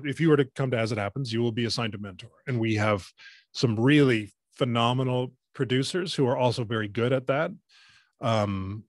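A man's voice: medium pitch, no echo, clean studio sound. A man, a radio co-host who is a guest here, rambling and correcting himself as he tells stories over a video call. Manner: rambling, self-correcting storyteller. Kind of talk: casual talk in a webinar.

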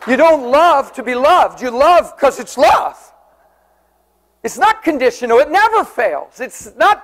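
A man preaching a sermon with fervour, swinging between shouted exclamations and soft, tender passages. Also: very high-pitched, expressive, unhurried.

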